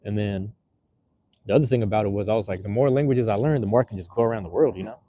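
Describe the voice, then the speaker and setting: Chatting with viewers while streaming on a handheld phone outside on the street, a man rambles loosely in slang, filling gaps and restarting often. He speaks fast in a warm, lowish voice, and the recording sounds muffled.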